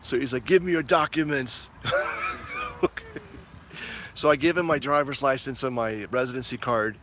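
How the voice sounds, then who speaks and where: A man's voice: mid-range voice, moderate pace, a little hiss or hum. A middle-aged American man telling a story to camera in a casual, profane way, acting out both sides of a conversation. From United States. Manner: animated, profane, acts out both sides of dialogue. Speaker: vlogger.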